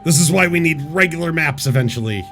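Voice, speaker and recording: A game master with a gravelly voice describes the scene and asks the players to roll. Faint music plays under him. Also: male voice, on the high side, expressive, fast, a bit bright. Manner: describes scenes and calls for rolls. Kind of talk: narrating a tabletop game.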